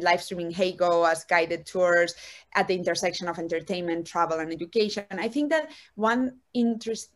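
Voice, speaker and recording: A woman with a Spanish accent, a venture capital guest talking in a casual interview over a video call, animated and effusive. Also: on the low side. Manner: animated, effusive, acts out little dialogues. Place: calling in from home.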